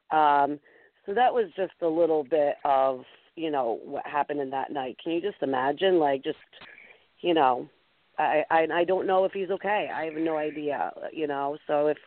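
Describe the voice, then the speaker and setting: Chatty woman host on a tinny phone line. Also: low voice. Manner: chatty, many fillers and "you know"s. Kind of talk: casual call-in show chat.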